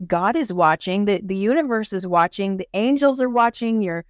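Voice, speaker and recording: In a casual interview, a woman guest talks through spiritual ideas in an earnest, explanatory way, acting out quoted voices. Her mid-range voice is animated and moderately paced, captured in clean studio sound with no echo.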